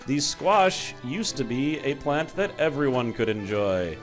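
A man hosting a let's-play, commenting sarcastically and excitably on his game. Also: mid-range voice, unhurried, few pauses, faint music behind. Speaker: gaming channel host.

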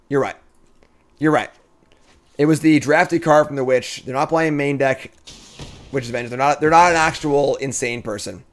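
A male streamer talks through a card game in casual commentary, his pitch swinging widely between murmured thinking and loud outbursts. He addresses his chat directly, mulling over plays before erupting with excitement.

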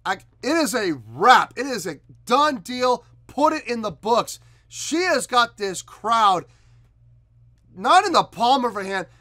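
A man hosting a music reaction video, excitedly commenting and explaining what he hears. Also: very high-pitched, slow pace, no room sound. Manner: animated, exclaiming, explaining guitar technique.

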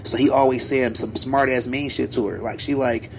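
A man co-hosting a podcast, telling stories in a loose, animated way with plenty of slang and asides. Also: mid-range voice, normal speed, vocal fry, a little hiss or hum. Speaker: podcast co-host. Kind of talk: casual podcast chat.

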